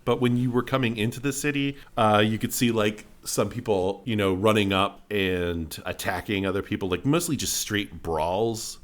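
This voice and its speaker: A man narrating as game master of a tabletop role-playing game, relaxed and prone to laughing. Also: on the low side, moderate pace, hardly any pauses.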